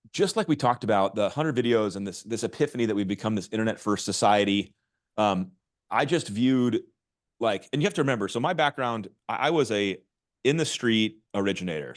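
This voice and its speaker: Middle-aged male guest, low voice, lively and restless delivery with many restarts. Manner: animated, restarts often with repeated words. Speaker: podcast guest, author and marketing executive. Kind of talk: casual interview talk.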